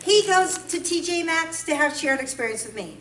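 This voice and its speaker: A woman from California giving a humorous, animated sermon at a women's breakfast. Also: high voice, normal speed, a little hiss or hum. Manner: animated storytelling, playful then earnest. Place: church event hall. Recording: echoey hall, mic at a distance, faint ambience.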